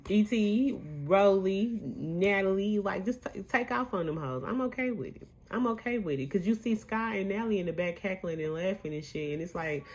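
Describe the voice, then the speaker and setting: A woman's voice: medium pitch, moderate pace, few pauses, a little mellow, dull audio, a little hiss or hum. Blunt, swearing woman doing a show recap. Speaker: reality show recap host. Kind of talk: casual profane reality TV recap.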